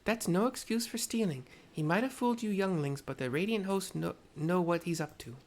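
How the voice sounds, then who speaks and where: A gamer voicing an earnest young woman warrior who blames herself, in a put-on mixed accent, reading her lines measured and serious. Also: fairly low pitch, a little mellow, voice pushed up. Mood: scolding.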